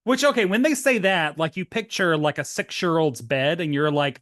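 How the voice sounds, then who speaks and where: A man's voice: fairly high pitch, moderate pace, dry recording, studio quality. A man from Tennessee co-hosting a podcast, chatting casually about an old sitcom episode and acting out its lines. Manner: animated, laughs often, acts out quotes. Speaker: podcast co-host. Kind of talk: casual chat recapping a TV episode.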